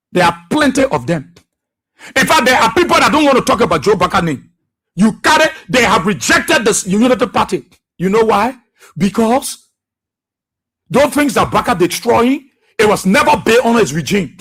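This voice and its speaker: Speaking at a normal speed, this radio talk show host has a very high voice that comes out husky, breathy, and a bit bright, with a sing-song lilt. His political commentary is fiery and preachy, and he drives each point home by repeating phrases with impassioned emphasis.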